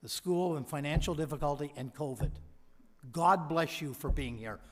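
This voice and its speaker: Male ceremony speaker, anecdotal and lively, slightly higher pitch, podium mic in a big echoing hall. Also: moderate pace. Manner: storytelling, quoting others. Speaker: convocation speaker. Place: large hall. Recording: long hall reverb.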